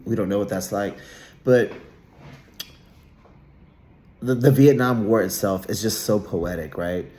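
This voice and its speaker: A man's voice: lowish voice, unhurried, pauses often, dark tone. A man giving a casual solo monologue, rambling with frequent restarts and repeated words. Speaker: vlogger.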